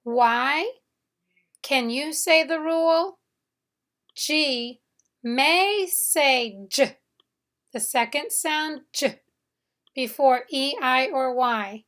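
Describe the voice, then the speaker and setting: A woman with a high, bright voice gives a phonics lesson at a very slow pace. She draws out each sound and repeats example words so learners can echo them. Her delivery is careful and deliberate. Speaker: English phonics teacher.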